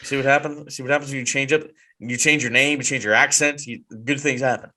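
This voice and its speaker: He's a co-host on a wrestling podcast, talking informally in a mid-range voice. When the excitement builds, he turns animated and is quick to say things twice.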